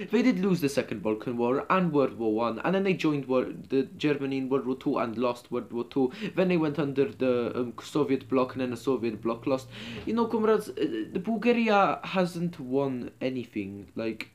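A man hosts his channel with an in-character comedy rant, talking in a fairly high voice that swings up and down a lot. He rambles and hesitates, restarting lines and stacking ums. He keeps addressing his viewers as comrades, each time letting his voice sink low. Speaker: channel host.

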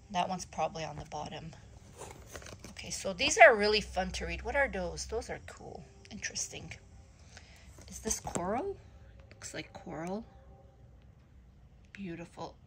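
A woman vlogger showing her collection of jewelry books in a casual show-and-tell, talking softly and admiringly and stumbling when she reads aloud. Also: on the low side, background noise. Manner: slow, soft-spoken, admiring, stumbles when reading aloud.

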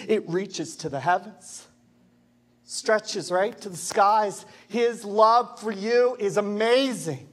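A male pastor delivers an impassioned sermon, pressing the congregation with rhetorical questions. His voice sits fairly high for a man. He speaks at an unhurried, deliberate pace. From Canada.

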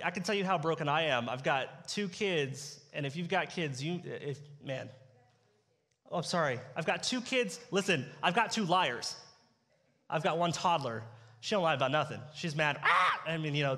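A man's voice: a little high, expressive, normal speed, bright, forceful tone. Young male pastor preaching with humor. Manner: humorous storytelling, acts out dialogue. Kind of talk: sermon. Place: church sanctuary. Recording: church hall reverb.

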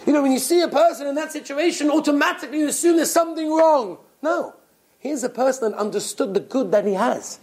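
Man, rabbi, Torah lecture, high voice, lively swooping pitch, animated storyteller. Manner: animated, repeats words while telling stories. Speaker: rabbi giving a Torah talk.

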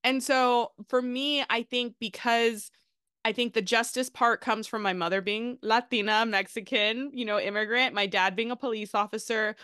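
Bright, emphatic woman podcast guest. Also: a little high, normal speed, clean tone, no room sound, clean studio sound. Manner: animated, emphatic, with frequent "like" asides. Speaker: podcast guest, marketing consultant. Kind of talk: casual podcast chat.

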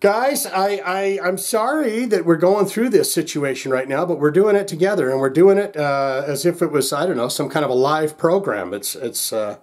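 A man's voice: a little high, normal speed, hardly any pauses. A man hosting a casual reaction vlog, agitated and exasperated, rambling with lots of restarts and swearing. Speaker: music reaction channel host.

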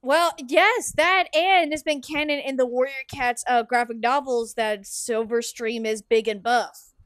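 Picture a young woman streamer with a bright, high voice, giggling and rambling as she plays and answers viewer questions. She is close on a desk mic in a dry, deadened room, and every word sits right up front. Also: fairly even intonation, a little slow, no echo. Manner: giggly, chatty, yawning between sentences. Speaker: streamer and game host. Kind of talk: casual livestream chat while playing.

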